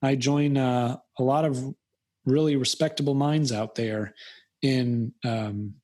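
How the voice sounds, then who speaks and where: An American man from Fairfield County, Connecticut, speaks slowly in a mid-range voice as a podcast guest. The casual interview finds him long-winded and animated, acting out imagined quotes in different voices.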